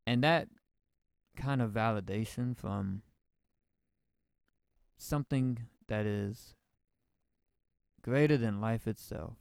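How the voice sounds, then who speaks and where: Young male podcast host, gravelly but smooth voice, casual rambling storyteller. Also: lowish voice, takes it slowly, long pauses, a little mellow, no echo, studio quality. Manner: emotional, rambling, slangy with many restarts.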